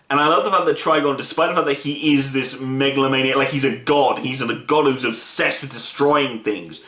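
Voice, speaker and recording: A man's voice: medium pitch, a bit bright. A man casually reviewing a film, retelling the plot with enthusiastic, rambling energy. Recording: roomy echo.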